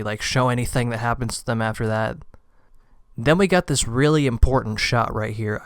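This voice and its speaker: A man's voice: medium pitch, a bit bright, clear, resonant tone, dry recording, studio quality. A man hosting a comic explainer video, talking in an easygoing, chatty way. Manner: easygoing, chatty, uses fillers like "you know". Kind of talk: casual commentary.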